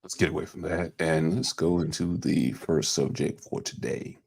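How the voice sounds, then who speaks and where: A man's voice: extremely low pitch, steady tone, moderate pace, creaky, a little mellow. A man hosting a podcast in easygoing casual chat, leading the conversation into each topic. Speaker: podcast host.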